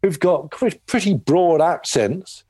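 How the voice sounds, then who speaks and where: A man's voice: a little high, animated, takes it slowly, warm tone, husky, dry recording. A man from England, a guest actor in an interview, telling stories in a rambling way with many restarts. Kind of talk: casual interview talk.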